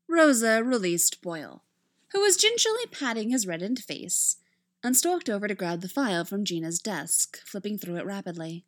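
Animated woman reading fan fiction. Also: mid-range voice. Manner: expressive, animated storytelling. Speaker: reader.

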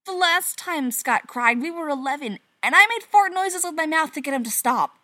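A frantic, sarcastic young woman who babbles fast when things get awkward, as a woman reads her lines. Her pitch leaps and swoops constantly. It is a dry, close recording with no room sound. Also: lively intonation, sharp tone, no room sound. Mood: indignant. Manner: rapid, flustered babbling.

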